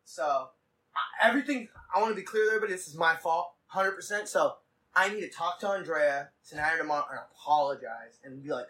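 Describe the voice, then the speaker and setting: A man hosting a casual podcast, telling a rambling, profane story in quick bursts. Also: on the high side, sharp tone, recorded from a distance, low-quality recording. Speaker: podcast host.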